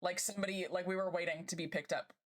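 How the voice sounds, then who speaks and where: Woman streamer, lower pitch, bubbly and gushing, laughs a lot, casual live chat. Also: steady tone, quick pace, fairly bright tone.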